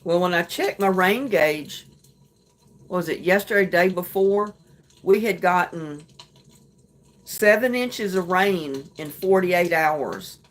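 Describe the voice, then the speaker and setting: A middle-aged woman hosting a casual late-night livestream chat, greeting viewers and talking about her day in a homey way with soft laughs. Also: on the low side, takes it slowly. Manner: chatty, homey, laughs softly between remarks. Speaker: livestream host. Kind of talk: casual live chat reading comments.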